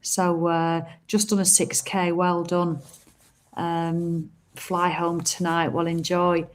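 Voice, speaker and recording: Woman, middle-aged, casual live chat, rambling, frank, lowish voice. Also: level tone, slow. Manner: chatty, rambling, blunt and frank, with mild swearing. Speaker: host of a live stream. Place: outdoors by a seaside promenade.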